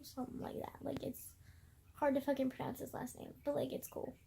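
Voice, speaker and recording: A woman's voice: sits high, completely flat delivery, brisk, gravelly, dark tone, husky. A young woman vlogging about a book she loves, rambling casually with constant fillers and frequent swearing. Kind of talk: casual chat.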